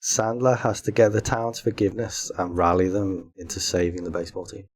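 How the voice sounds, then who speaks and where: A man co-hosting a podcast in casual chat, pitching silly comedy film ideas and laughing often. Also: fairly even intonation, fairly quick, darkish tone. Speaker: podcast co-host.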